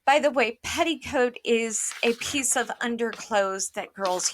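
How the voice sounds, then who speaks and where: A woman with a fairly high voice reads a children's storybook aloud at a very unhurried pace. She takes her time over each line, explaining unfamiliar words for young listeners, and the sound is dry and close with little room echo. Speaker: children's book reader. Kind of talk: reading a children's book aloud.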